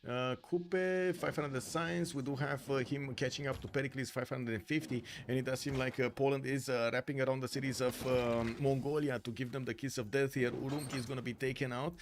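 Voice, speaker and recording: A Romanian man with a Romanian accent commentates a strategy game on a live stream from his home streaming room. His mid-range voice stays steady and a little fast with hardly any pauses, and he's chatty, full of fillers as he hunts for words, and quick to laugh. A slight hiss or hum sits under the recording.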